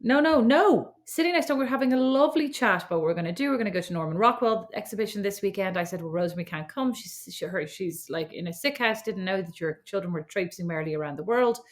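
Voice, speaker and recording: A woman's voice: mid-range voice, expressive, quick pace, few pauses. Irish woman, middle-aged, podcast co-host, casual chat, teasing storyteller. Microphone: remote recording setup.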